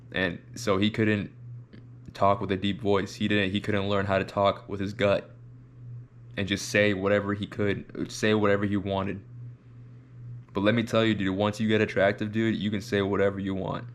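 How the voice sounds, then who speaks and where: A man with a fairly low voice talks through a reaction video in casual, rambling commentary. He restarts and repeats words as he works his ideas out. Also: flat delivery, normal speed.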